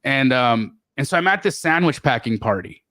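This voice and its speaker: A middle-aged man telling stories as a podcast guest, animated, often repeating words and restarting. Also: normal speed, dry recording, clean studio sound. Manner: animated, acts out quoted voices with big pitch jumps. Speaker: guest real estate investor. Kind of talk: storytelling in a podcast interview.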